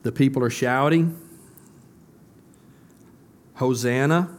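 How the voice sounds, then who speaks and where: A man's voice: steady tone, moderate pace. A male pastor preaching a sermon, often asking the congregation questions and answering them himself. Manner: builds to a louder, higher emphatic close.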